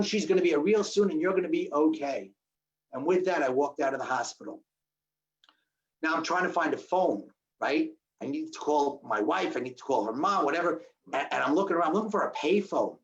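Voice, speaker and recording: A man telling a survival story to an audience, acting out the dialogue with sudden jumps in his voice. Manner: animated, acts out quoted dialogue with sharp pitch jumps. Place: audience hall. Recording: dull lo-fi recording.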